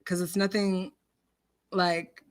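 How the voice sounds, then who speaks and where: A woman's voice: fairly low pitch, little pitch movement, slow pace, clean tone. A woman hosting a casual livestream, reading viewer comments aloud in a chatty, giggly, rambling way with lots of fillers. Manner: talks with her hands. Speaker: livestream host.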